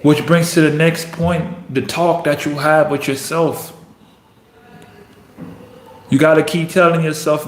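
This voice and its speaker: Young pro athlete, male, urgent motivational delivery, slightly high voice, recorded in an echoey room. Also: little pitch movement, unhurried, long pauses, slight background noise. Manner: intense, repetitive, builds to emphatic peaks. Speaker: professional basketball player giving motivational talk. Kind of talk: motivational speech.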